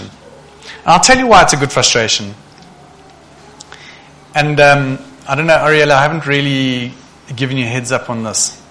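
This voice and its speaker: A man preaching a sermon, often putting rhetorical questions to the congregation in a lively, animated way. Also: mid-range voice, moderate pace, long pauses. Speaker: pastor.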